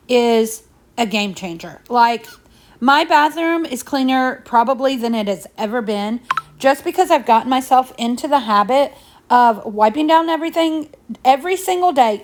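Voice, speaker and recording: A talkative woman whose Southern US drawl drifts in and out of a Midwestern lilt. She speaks with a slightly higher voice, rambling and folksy as she chats her way through household cleaning, addressing viewers warmly as y'all. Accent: Southern US twang mixed with Midwestern. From Indiana, USA. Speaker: home cleaning vlogger. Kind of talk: casual chatty narration while cleaning.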